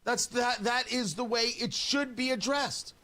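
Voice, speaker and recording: A man's voice: very high voice, unhurried, bright, forceful tone. A man hosting a talk radio show, delivering a combative, emphatic opinion monologue into a studio microphone with hammering repetition.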